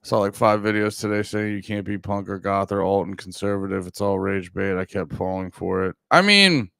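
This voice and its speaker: A man's voice: sits low, normal speed, gravelly, sharp tone, clean tone, no echo, studio quality. A man in his thirties from the United States, hosting a casual livestream chat in a rambling, profane way with lots of fillers. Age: 30s. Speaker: livestream host.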